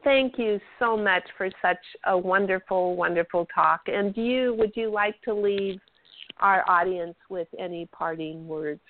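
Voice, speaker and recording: Gentle woman host on a phone-like line. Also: mid-range voice, unhurried, no echo. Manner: gentle, affirming, many soft agreements. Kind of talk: spiritual talk show interview. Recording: dry phone-like sound.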